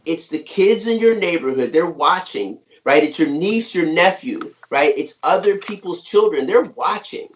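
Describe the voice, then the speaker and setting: Fairly high-voiced, emphatic middle-aged man. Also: moderate pace, hardly any pauses, slight background noise. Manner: energetic, emphatic, keeps asking "right?". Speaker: author and guest speaker. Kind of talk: conversational interview.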